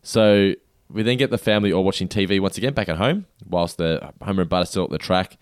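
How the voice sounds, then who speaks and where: Deep-voiced podcast host. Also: male voice, quick pace, noisy background. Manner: teasing, playful questions. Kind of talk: casual chat.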